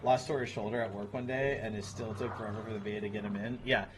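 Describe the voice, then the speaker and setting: A man's voice: lowish voice, fairly even intonation, fast, background noise. A man in his thirties chatting casually with his stream viewers in a blunt, profane way. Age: 30s. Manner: blunt, profane, talks to chat. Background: music.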